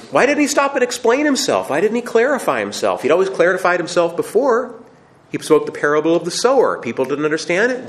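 A man giving a conversational teaching talk to a live audience, asking questions and building to emphatic, raised passages. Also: fairly high pitch. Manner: frequent restarts and repetitions. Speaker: Catholic teacher or speaker.

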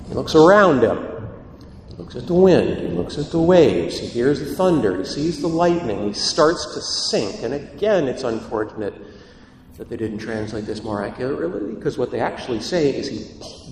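A man preaches a sermon in a large church, his voice heard from some distance with a long, roomy reverb. His delivery is expressive, dropping soft and slow, then rising with emphasis. A faint ambience hangs behind him. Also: medium pitch, slight background noise. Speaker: priest. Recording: echoey church hall, voice from a distance.

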